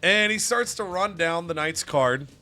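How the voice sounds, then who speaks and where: A man telling the story of a wrestling game season in a casual, animated way, jumping into the action. His voice is bright and a bit high. Soft music plays faintly underneath. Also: measured pace. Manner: animated, playful recap.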